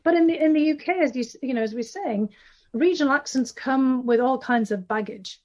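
A woman's voice: high voice, a little fast, a little mellow, highs cut off. A woman with a Northeast English accent, an author answering interview questions at length, with many fillers and restarts. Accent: Northeast England. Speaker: author guest.

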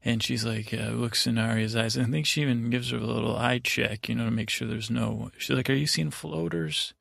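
A man's voice: mid-range voice, level tone, a little fast, creaky, fairly bright tone, dry recording, clean studio sound. A man hosting a podcast, rambling through a drowsy, meandering recap full of fillers and asides. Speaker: podcast host.

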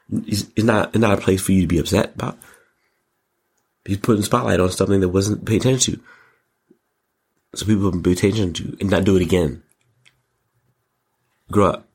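A man hosting his own show, giving a casual, animated movie review full of slang and repeated words. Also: on the low side, creaky, slightly rough. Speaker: show host.

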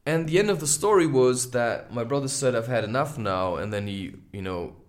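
A man's voice: mid-range voice, moderate pace. A man in his thirties, hosting a podcast and telling a personal story in a reflective, candid way, full of asides like "you know" and "right". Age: 30s. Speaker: podcast host.

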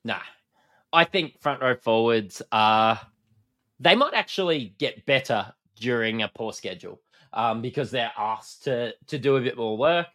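A man's voice: medium pitch, unhurried, sharp tone. A man co-hosting a casual fantasy sports podcast, easygoing and hedging his opinions. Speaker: podcast co-host.

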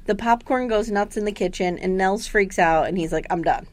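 A woman co-hosting a casual podcast, recapping an episode with animated storytelling and squealed voices for the people she quotes. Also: medium pitch, moderate pace. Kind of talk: casual chat.

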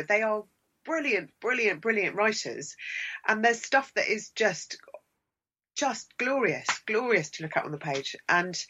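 An actor with a London accent, chatting as an interview guest in a lively, emphatic way, repeating words for stress. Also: mid-range voice, dull audio. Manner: animated, emphatic repetitions. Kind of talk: casual interview chat.

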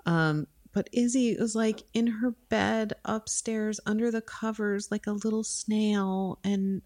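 A woman's voice: mid-range voice, steady tone, slow, a little mellow. A woman in her thirties co-hosting a podcast from home, telling a story in a rambling casual way with lots of "like". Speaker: podcast co-host.

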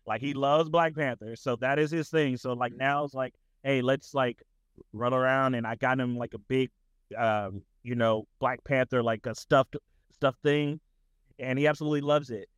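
A young man talking as a podcast guest in a relaxed, rambling way, full of fillers. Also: mid-range voice, normal speed, clear, resonant tone, no room sound. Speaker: tutoring business owner, guest. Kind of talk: casual interview conversation.

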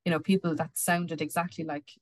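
A woman's voice: sits low, little pitch movement, fairly quick, no echo, poor audio. An Irish woman co-hosting a podcast about a book, talking with many restarts. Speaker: podcast co-host. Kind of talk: casual chat and reading aloud.

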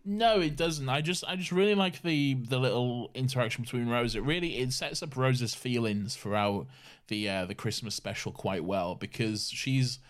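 A man co-hosting a podcast, chatting casually in a relaxed way, laughing often and hedging his points. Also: mid-range voice, normal speed. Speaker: podcast co-host. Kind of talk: casual chat.

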